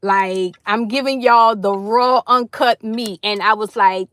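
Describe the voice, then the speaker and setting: A woman's voice: on the high side, a little slow, few pauses, a bit bright, no room sound. A woman hosting a casual livestream from her car in a carpool line, talking effusively to her viewers and greeting them by name. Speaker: livestream host. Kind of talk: casual live chat with viewers.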